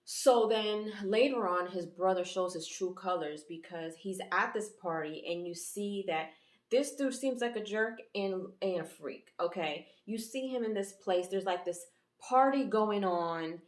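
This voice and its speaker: A woman's voice: medium pitch, measured pace, roomy sound. A woman host giving a casual, chatty episode review, rambling with fillers and restarts. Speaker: YouTube reviewer and channel host.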